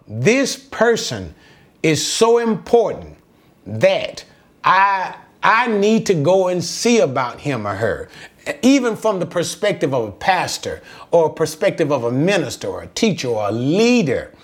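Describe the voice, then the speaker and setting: A man preaches a sermon with a high, animated voice that rises and falls widely. He takes his time, leaning hard on each key phrase. Between points he slips into folksy asides to the congregation. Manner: slow, emphatic preaching that lifts on key phrases. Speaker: pastor.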